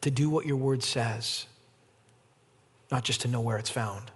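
A man preaching an evening sermon as pastor, animated and rising to emphatic peaks, then leading a closing prayer. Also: medium pitch, unhurried, husky. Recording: long hall reverb.

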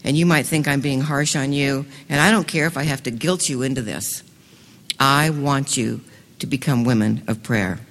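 A woman preaching a sermon with passion, her voice swelling loudly when she reads scripture. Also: very deep voice, moderate pace. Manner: impassioned, swells loud on scripture lines. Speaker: women's ministry speaker. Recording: reverberant hall.

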